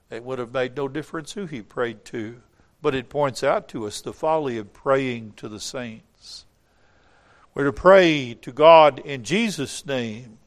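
A man delivers a sermon in a somewhat high voice. He drives his points home by repeating phrases, building to loud, pressing peaks before dropping to a low, quiet tone. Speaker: preacher.

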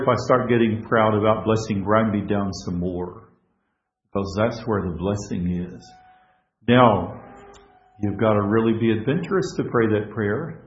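An Australian man preaches in a sermon, telling his stories with loud emphasis and then dropping to a quiet, low plea. His voice sits at a middle pitch. It echoes around a hall on a slightly dull recording. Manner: swings between loud, emphatic storytelling and quiet, low pleading.

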